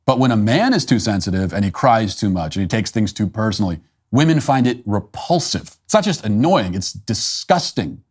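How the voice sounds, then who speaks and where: A man with a somewhat low voice delivers an opinion monologue as host of his own commentary show. His delivery is measured and emphatic, and he slows down deliberately to drive his points home. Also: expressive, darkish tone, slightly rough.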